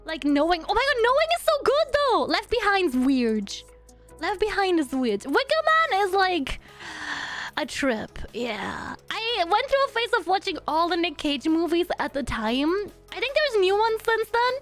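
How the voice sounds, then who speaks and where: Bubbly high-voiced woman streamer. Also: very animated, a little slow, faint music behind. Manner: bubbly and silly, hums nonsense syllables between remarks. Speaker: virtual streamer. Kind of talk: casual livestream chat with viewers.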